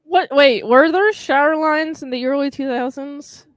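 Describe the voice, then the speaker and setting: Animated woman recapping a film. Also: sits high, dry recording. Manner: animated, acts out characters' lines in quick voices. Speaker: podcast co-host. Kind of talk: casual chat recapping a film.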